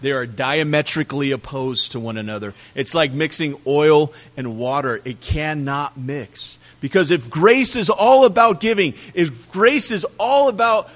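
Animated preaching man, fairly high voice. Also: unhurried, hardly any pauses. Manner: animated preaching, swinging from loud emphasis to quiet drops. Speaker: pastor. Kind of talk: sermon.

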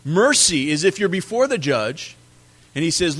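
A man with a somewhat high voice delivers a sermon to his congregation. He preaches with animation, hitting words hard and then letting them fall quiet. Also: moderate pace, husky. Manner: animated preaching, swinging from loud emphasis to quiet drops. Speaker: pastor.

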